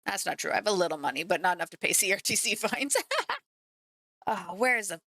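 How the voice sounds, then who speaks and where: A woman chats to her stream while she paints, joking at her own expense. Her voice is bright and forward. The sound is dry and close, with no room echo. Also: lowish voice, animated, quick pace, gravelly. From Canada. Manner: chatty and self-mocking, talking to chat while working. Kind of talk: casual livestream chat.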